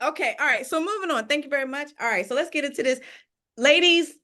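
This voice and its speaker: A woman's voice: high-pitched, lively intonation, quick pace, bright, forceful tone. A woman host chatting playfully over a video call, hyping up her audience and reading out their questions. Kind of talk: casual chat.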